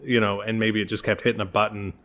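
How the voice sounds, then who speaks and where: A man's voice: fairly low pitch, level tone, fast, a bit bright. A man co-hosting a casual chat podcast, rambling and laughing often. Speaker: podcast co-host.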